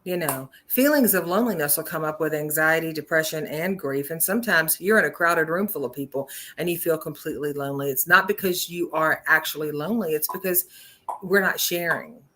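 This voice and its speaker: Talk show co-host, woman, bright tone, earnest and reflective, lots of fillers. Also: deep voice, fairly quick, a little hiss or hum. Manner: earnest, thoughtful, many fillers. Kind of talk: casual talk show chat.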